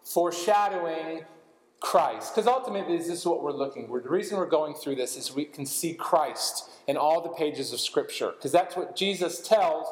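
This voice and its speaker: A man's voice: on the high side, normal speed, echoey room, long reverb tail, low-quality recording. A man preaching a sermon, walking through scripture passages and adding light asides as he reads. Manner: expository, reading scripture aloud with asides. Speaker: pastor.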